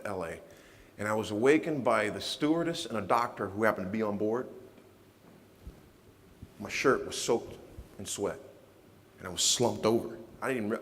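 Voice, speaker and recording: A man from Nebraska giving a motivational keynote speech, telling stories dramatically and swinging from hushed lines to shouting. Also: lowish voice, lively intonation, brisk. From Nebraska, USA. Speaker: motivational speaker. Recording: reverberant hall sound.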